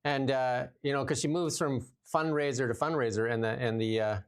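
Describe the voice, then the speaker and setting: A man's voice: mid-range voice, fairly even intonation, moderate pace, smooth. A man with a mid-range voice hosts a political talk show in loose, casual chat. He is mocking and sarcastic and hammers points home by repeating phrases.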